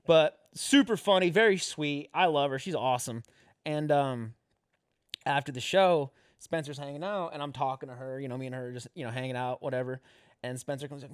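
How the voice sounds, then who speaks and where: A man's voice: mid-range voice, fairly quick, clear, resonant tone, dry recording, studio quality. A young man, a comedian hosting a podcast, telling rambling, profane stories and acting out the voices in them. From rural Western US, grew up rodeoing. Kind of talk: casual storytelling chat.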